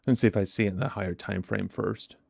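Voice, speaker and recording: A man's voice: lowish voice, quick pace, vocal fry, no room sound, clean studio sound. A man hosting a trading live stream in a casual, chatty way, who often repeats words and restarts his sentences and tells stories with animation. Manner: animated storyteller.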